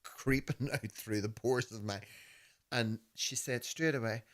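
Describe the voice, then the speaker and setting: A man in his fifties with a Belfast accent, co-hosting a podcast and telling animated, laughing stories that act out voices. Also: mid-range voice, measured pace. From Northern Ireland. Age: 50s. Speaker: podcast host. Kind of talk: casual storytelling chat.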